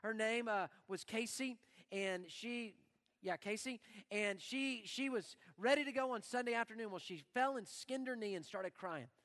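High bright-voiced preaching pastor. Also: male voice, moderate pace. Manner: animated preaching, acts out quoted prayers. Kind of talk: sermon. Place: church sanctuary. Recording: long reverb of a church hall.

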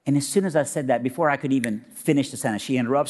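A man preaching as a guest speaker, telling a story in an animated, humorous way. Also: mid-range voice, rapid-fire, hardly any pauses. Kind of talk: sermon storytelling. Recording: long reverb of a big hall.

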